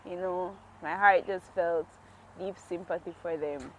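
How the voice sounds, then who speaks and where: A woman's voice: lowish voice, steady tone, a little slow, slight background noise. A woman vlogger telling a personal faith story in a casual, heartfelt way, laughing often as she talks outdoors. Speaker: devotional vlogger. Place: outdoors in a quiet natural area.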